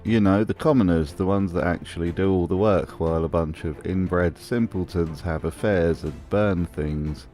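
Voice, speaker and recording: A man's voice: low-pitched, moderate pace, hardly any pauses, warm tone, faint music behind. A man giving scripted commentary in a dry, mocking tone. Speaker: video essay host.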